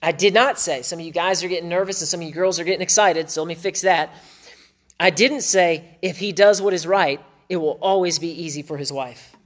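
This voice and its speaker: A man's voice: high voice, a little fast, fairly bright tone. A middle-aged man hosting a marriage podcast, teaching in an emphatic, preacher-like way and repeating phrases for stress.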